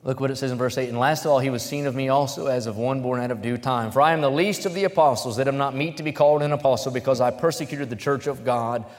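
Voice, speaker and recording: A man preaching from the pulpit, telling his story plainly and then rising into loud, emphatic reading of scripture. His voice has a middling pitch, and the sound rings with the long reverb of a large hall. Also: quick pace, hardly any pauses. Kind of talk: sermon.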